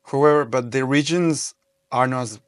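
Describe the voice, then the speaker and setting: Man with a Peruvian accent, playful host, mid-pitched voice, dry close sound. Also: moderate pace, clean tone, dry recording. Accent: Peruvian, Cusco. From Cusco, Peru. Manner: playful, mixes English and Spanish. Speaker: interview host. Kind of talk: casual interview.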